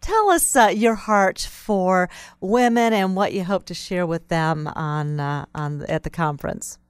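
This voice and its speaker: A woman's voice: fairly low pitch, measured pace, clear, resonant tone, no echo, clean studio sound. A woman interviewing a guest, encouraging and laughing along. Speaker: radio interviewer. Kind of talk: interview questions.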